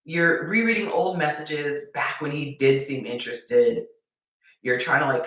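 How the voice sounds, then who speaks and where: A woman hosting a live-stream dating talk, playful and animated, acting out little scenes as she coaches. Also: a bass voice, distant mic. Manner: playful, acts out scenarios in quick character voices and whispers. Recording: echoey room, voice heard from off the mic.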